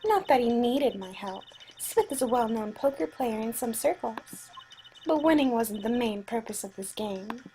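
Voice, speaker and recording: A smug card-sharp witness, as a woman voices her. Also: a little high, animated, normal speed, soft background music, rough recording. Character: scheming young female card-sharp witness.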